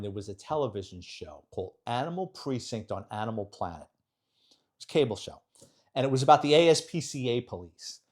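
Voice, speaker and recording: A man's voice: medium pitch, a little mellow. A middle-aged man, a retired detective telling a story in an interview and acting out the other voices.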